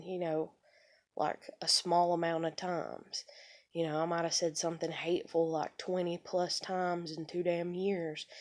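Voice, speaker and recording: A young adult woman rambling bitterly about her life, halting often with "you know" fillers. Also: fairly low pitch, darkish tone. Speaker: vlogger. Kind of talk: unscripted personal rambling.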